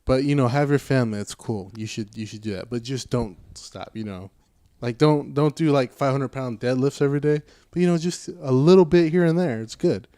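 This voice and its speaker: Podcast co-host, male, warm mellow tone, dry close mic, chatty storyteller who slips into character quotes. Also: medium pitch, dry recording. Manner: retells stories with quick, loose put-on character quotes. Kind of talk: casual chat.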